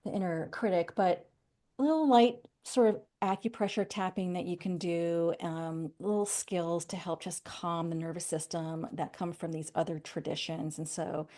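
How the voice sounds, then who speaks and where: A middle-aged woman, a psychologist guest on a podcast, telling stories with lively, acted-out quotes. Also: fairly low pitch, moderate pace. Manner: animated storytelling, acting out quoted voices. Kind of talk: podcast interview.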